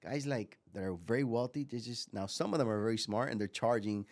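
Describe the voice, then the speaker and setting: A man in his forties from Miami, a guest entrepreneur telling lively stories and often repeating words. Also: medium pitch, brisk. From Miami, USA. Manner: animated storyteller, repeats words as he goes. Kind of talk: casual interview talk.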